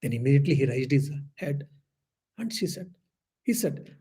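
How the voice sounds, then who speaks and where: A man who is a monk teaches scripture in a spiritual lecture, telling a story in an unhurried way and repeating phrases. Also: mid-range voice, lively intonation, mellow, husky.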